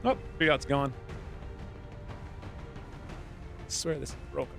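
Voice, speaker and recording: A man streaming a game, chatting casually and playfully, rambling and jumping into high exclamations. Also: drawn-out words, creaky, soft background music. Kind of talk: casual live-stream gameplay commentary.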